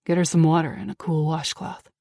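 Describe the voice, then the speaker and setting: Woman doing a soft-spoken, protective young man. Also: flat delivery, fairly quick, no echo, lightly acted. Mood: soothing. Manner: soft, low and soothing. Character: gentle protective young man, calm and soothing. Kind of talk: audiobook character voice.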